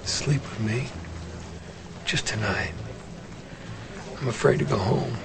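An actor playing a middle-aged married man who pleads softly and slips into hushed confession. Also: medium pitch, slow, gravelly, background noise. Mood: tender. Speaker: married dentist confessing to his lover. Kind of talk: film drama acting.

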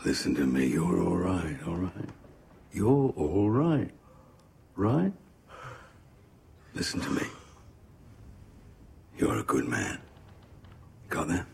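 A man voicing a cold, composed man who talks slowly and calmly to soothe someone. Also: sits low, vocal fry, slight background noise, full character voice. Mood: coaxing. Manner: slow, calm, intimate.

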